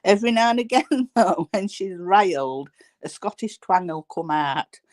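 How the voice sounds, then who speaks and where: A woman's voice: mid-range voice, normal speed, darkish tone. Blunt, sweary woman. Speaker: livestream guest. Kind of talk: casual chat.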